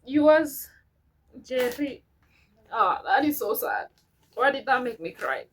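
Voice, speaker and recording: A woman's voice: fairly high pitch, expressive, unhurried, fairly bright tone, rough recording. A young woman, a vlogger reading her old letters aloud and breaking off to chat about them sentimentally. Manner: sentimental, chatty asides between read lines.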